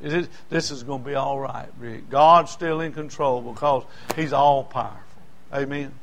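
A man preaching a sermon, telling folksy stories and swinging between loud declarations and hushed asides. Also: mid-range voice, normal speed.

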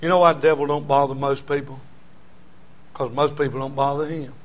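A man's voice: medium pitch, fairly even intonation, fairly quick. A man preaching a sermon to a church congregation in an emphatic, repetitive cadence with folksy humor.

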